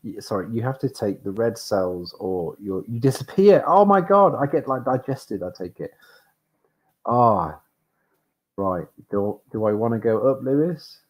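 Male streamer, low-pitched and unhurried, flustered and self-deprecating while playing a retro game. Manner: excitable, flustered, self-mocking, lots of exclamations. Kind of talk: live gameplay commentary.

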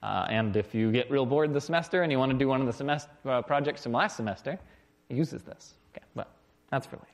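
A man giving an informal recorded programming lecture. He is lively and often checks in with "okay?" and "right?". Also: medium pitch, fast. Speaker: university lecturer.

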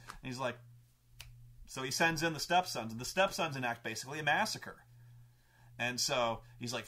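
A man hosting a show, animated and profane, telling a story about running a tabletop game and laughing often. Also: medium pitch, moderate pace, husky. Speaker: show host recounting his game mastering. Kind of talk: casual storytelling.

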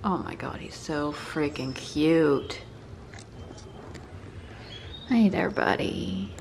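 A woman vlogger in a cat café, cooing at the cats in soft pet talk that often drops to a whisper. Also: deep voice, lively intonation, very slow, vocal fry, a little hiss or hum. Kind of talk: casual talk to pets.

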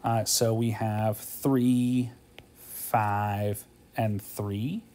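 A man's voice: fairly low pitch, level tone, very slow, warm tone. A man teaching a math homework walkthrough, thinking aloud in a casual way, tired and yawning, often checking in with "okay?".

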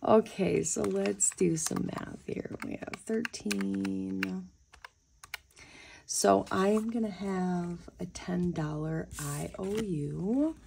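A woman's voice: mid-range voice, slow, vocal fry, noisy background. A young adult woman vlogging about budgeting in a chatty, casual way, often exclaiming and saying y'all. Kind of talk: casual chat to camera.

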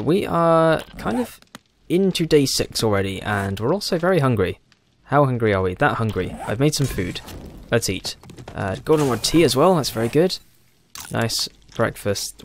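A man's voice: medium pitch, a little hiss or hum. A young British man with a British accent giving casual, chatty, self-mocking commentary while playing a game. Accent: British English. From Britain. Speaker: gaming YouTuber.

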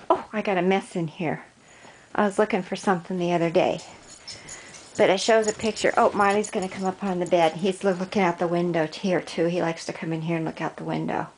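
A woman's voice: medium pitch, low-quality recording. An older woman, a grandmother, chatting on the phone in a casual home video while coaxing her dog in a sing-song voice. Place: indoors at home, house rooms.

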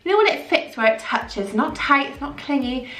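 A young woman talks through a clothing haul in a chatty, gushing way. Her voice is bright and a little high. She sounds slightly off-mic in an echoey room, with soft music playing behind her. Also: animated, normal speed, recorded from a distance. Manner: chatty, gushing, filler-heavy. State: out of breath. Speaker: fashion vlogger. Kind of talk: casual haul vlog.

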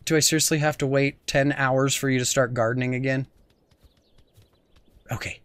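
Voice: medium pitch, steady tone, moderate pace, fairly bright tone, no echo. A young adult gaming host giving giggly, playful let's play commentary and often talking as the goose.

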